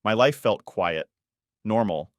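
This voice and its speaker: Guy telling his own story, lowish voice, dry close sound, just lays it out flat. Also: slow, no echo. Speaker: narrator. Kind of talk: first-person story narration.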